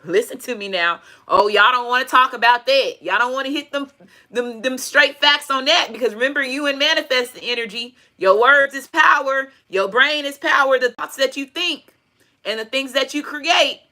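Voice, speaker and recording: A woman's voice: sits high, moderate pace, sharp tone. A woman, giving a casual tarot reading with blunt, profane asides and preachy advice. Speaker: tarot reader. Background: faint music playing.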